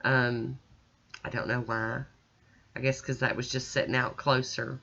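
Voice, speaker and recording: A woman's voice: extremely low pitch, flat delivery, measured pace, vocal fry, pushed and bright. A woman chatting casually as she narrates a nail art tutorial voice-over, folksy and self-deprecating. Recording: slightly dull lo-fi audio.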